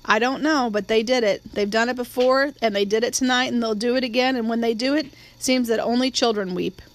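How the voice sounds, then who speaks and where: A woman voicing a weary, gentle grown father who speaks quietly and with restraint. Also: on the high side, steady tone, a little fast, natural voice.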